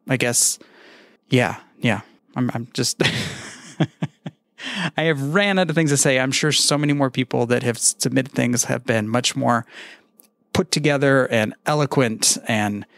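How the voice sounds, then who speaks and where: A man recording a casual podcast message, telling groan-worthy puns in a deadpan, self-mocking way and swearing now and then. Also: medium pitch, no room sound, studio quality. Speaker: podcaster sending a tribute.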